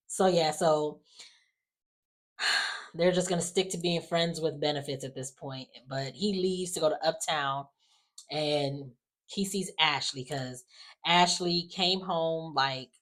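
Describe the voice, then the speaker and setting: A woman's voice: low voice, slow pace, pauses often, a bit bright. A woman chatting casually as she recaps a soap episode, with lots of fillers, acting out the characters' lines as she goes. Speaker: soap opera recap vlogger.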